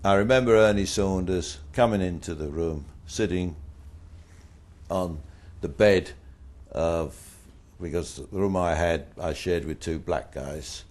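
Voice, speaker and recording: Very low-voiced older man telling anecdotes. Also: measured pace. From Britain. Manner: blunt, animated anecdotes, voices rising in quoted retorts. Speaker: interviewee. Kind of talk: anecdotal storytelling.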